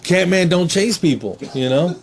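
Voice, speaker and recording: A middle-aged man telling a stand-up comedy story, animated, slipping in silly character voices. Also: high voice, normal speed.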